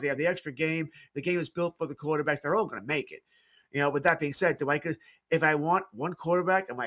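Male sports radio co-host, slightly high voice, emphatic and opinionated. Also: a bit bright. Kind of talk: casual sports radio talk.

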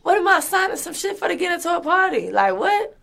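A woman's voice: extremely high pitch, very animated, quick pace, gravelly, fairly bright tone. A woman from Atlanta, telling a story in a blunt, profane, emphatic way.

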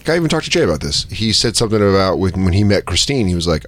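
A man's voice: sing-song, racing, a bit bright. A man hosting a comedy podcast, joking and laughing often in casual banter. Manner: joking, laughs often, acts out lines in high voices. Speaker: podcast host.

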